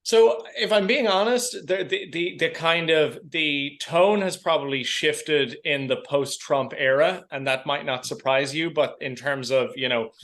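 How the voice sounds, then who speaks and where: A man's voice: medium pitch, fairly bright tone. Mild Irish-accented male guest. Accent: Irish Midwest, mild. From Ireland. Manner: thoughtful, articulate, some hesitant restarts. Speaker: interview guest. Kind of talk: conversational interview answers.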